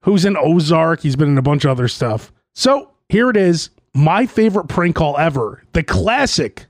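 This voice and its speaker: A man hosting his comedy podcast in a casual monologue, brash and excitable, laughing at his own jokes. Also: fairly high pitch, normal speed, dry recording, clean studio sound.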